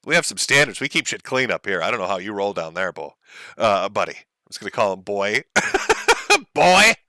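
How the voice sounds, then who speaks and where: A man's voice: fairly low pitch, fairly quick, sharp tone, no echo. A man hosting a livestream, mocking and sarcastic, swearing and laughing at his own jokes. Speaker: livestream host.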